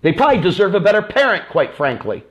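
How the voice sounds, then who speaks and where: A man's voice: sits high, big pitch swings, fast talker, lo-fi sound. A man from the United States hosting a live stream. He delivers an impassioned, angry political rant that is repetitive and profane.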